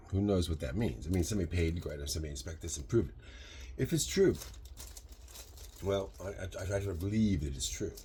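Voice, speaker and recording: A man's voice: fairly low pitch, darkish tone, a little hiss or hum. A man in his sixties with a Michigan accent, chatting casually in his home kitchen while cooking, rambling into philosophical tangents and speeding up in bursts. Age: 60s. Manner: talks fast in bursts. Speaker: vlogger.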